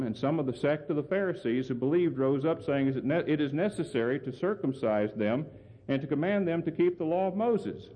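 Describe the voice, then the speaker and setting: A man preaching a sermon and explaining scripture, earnest and emphatic, often putting questions to his listeners. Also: on the high side. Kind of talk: sermon, Bible exposition. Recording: phone-like sound with long hall reverb.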